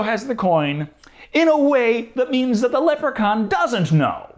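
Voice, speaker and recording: A man's voice: extremely high pitch, sing-song, a little slow. Sarcastic man reviewing a movie. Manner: sarcastic, jokey. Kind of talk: comedic movie review narration.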